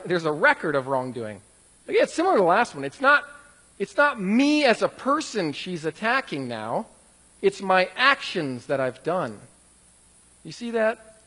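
Male preacher, high husky voice, animated and conversational, echoey hall sound. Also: a little slow. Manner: animated, conversational, with vivid examples. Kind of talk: sermon-style teaching.

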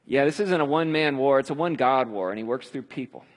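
A man's voice: medium pitch, fast talker. A male preacher retelling scripture in a conversational sermon with emphatic stresses. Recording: long hall reverb.

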